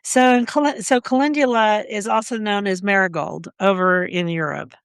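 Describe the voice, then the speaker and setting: With a smooth, medium-pitched voice at a normal speed, this gardening podcast co-host spins casual stories and laughs often. The clean studio sound has no echo.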